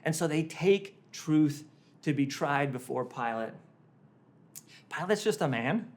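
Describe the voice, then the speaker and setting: A male pastor preaching a sermon, retelling a story dramatically, rising to loud emphasis and then dropping to hushed tones, sometimes repeating words as he presses a point. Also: a little high, expressive, takes it slowly.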